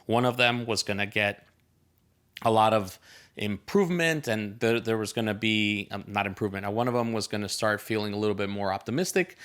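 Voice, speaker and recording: A man's voice: on the low side, a little fast, fairly bright tone, smooth. A man, a real estate agent, giving a casual motivational talk to the camera, rambling and correcting himself as he tells a joke. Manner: upbeat, rambling, storytelling with self-corrections. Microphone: camera mic, filmed by a team member.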